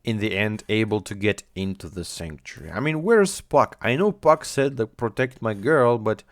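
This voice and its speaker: A man's voice: fairly low pitch, expressive, normal speed, no echo, clean studio sound. A man giving casual reaction commentary on an anime at home, rambling, swearing and thinking aloud. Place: home, on a squeaky chair.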